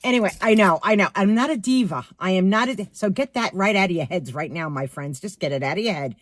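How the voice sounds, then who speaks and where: A woman's voice: medium pitch, animated, fast talker, no echo, studio quality. Middle-aged woman, New York accent, stuffy with a cold; opinionated, chatty vlogger talking to her fans. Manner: opinionated, chatty, talks to viewers as friends. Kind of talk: casual chatty vlog.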